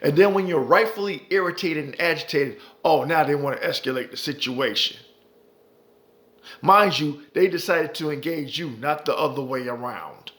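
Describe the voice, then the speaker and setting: Fired-up guy ranting on his vlog, swears a lot, repeats stuff for emphasis, a bit higher voice. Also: normal speed, fairly bright tone. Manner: profane, heated, repeats himself for emphasis. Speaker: commentary vlogger. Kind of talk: impassioned ranting commentary.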